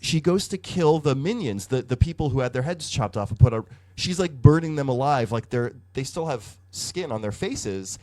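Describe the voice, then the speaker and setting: Animated, swearing podcast co-host man. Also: mid-range voice, normal speed, few pauses. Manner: animated, profane storytelling with hedging fillers. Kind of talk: casual comic book review chat.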